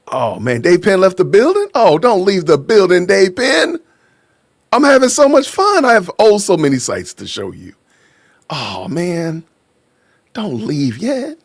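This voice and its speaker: A man hosting a casual livestream podcast, playful and quick to laugh while shouting out viewers. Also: fairly high pitch, creaky, no room sound, studio quality. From Aurora, Illinois. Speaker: podcast host. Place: home in Georgia.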